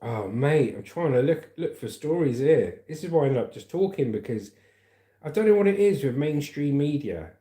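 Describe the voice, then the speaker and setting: A man's voice: on the high side, animated, normal speed, dark tone, echoey room. A man hosting a casual livestream, chatting cheekily and laughing as he reads out viewer comments and news stories. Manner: chatty and cheeky, laughing at his own jokes. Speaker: livestream host.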